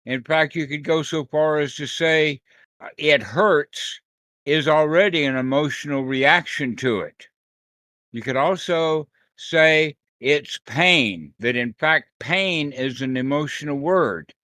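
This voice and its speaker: Meditation teacher, male, slow unhurried delivery, bright dry voice, playful with quoted voices on a video call. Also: a little high, no echo. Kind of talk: dharma talk on a group call.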